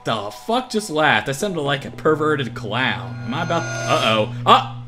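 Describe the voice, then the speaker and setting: A man's voice: mid-range voice, very animated, a little slow, sharp tone, faint music behind. Giggly man with a wildly swooping voice. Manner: giggly, laughs often, easygoing. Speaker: co-host playing a horror game. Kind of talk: gaming commentary.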